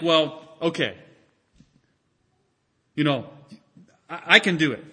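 Husky, bright-voiced preacher man. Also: a little high, takes it slowly, pauses often. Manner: animated, acts out quoted voices. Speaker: pastor. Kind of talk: sermon.

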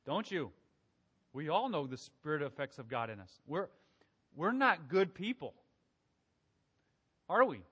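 A man's voice: a little high, big pitch swings, unhurried, long pauses, pushed and bright, slightly rough. A man preaching a conversational sermon, often asking his listeners questions as he works through scripture. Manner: conversational, asks the congregation questions. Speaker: pastor. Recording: long hall reverb.

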